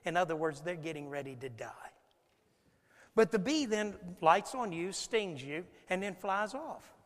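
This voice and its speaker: A man's voice: high voice, animated, measured pace. A man preaching a sermon, telling stories and asking his listeners questions as he goes. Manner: storytelling preacher, acts out scenes and asks the congregation questions. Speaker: pastor. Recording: long hall reverb.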